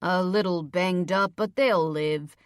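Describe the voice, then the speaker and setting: A woman playing a hulking, stoic male highway patrolman in an audiobook; he speaks in slow, clipped, steady phrases, flatly and without fuss. The recording is dry and close, with no room sound. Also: clear, resonant tone, no room sound. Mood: steady, terse. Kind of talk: audiobook character voice.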